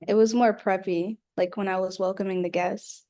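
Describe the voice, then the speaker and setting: A woman's voice: medium pitch, fairly even intonation, moderate pace, warm tone. Hesitant young woman student answering. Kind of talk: answering teacher in class. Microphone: video call.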